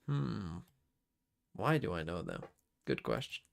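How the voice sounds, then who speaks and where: A man's voice: sits low, very animated, takes it slowly, creaky. A man streaming, thinking aloud and swearing as he works through a quiz game on his own. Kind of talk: casual muttering while playing a quiz game.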